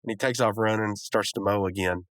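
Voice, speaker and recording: A man's voice: fairly low pitch, steady tone, quick pace, no room sound. A man hosting a podcast, casually recapping a cartoon episode with rambling asides and chuckles. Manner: rambling, chuckling, lots of fillers. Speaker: podcast host.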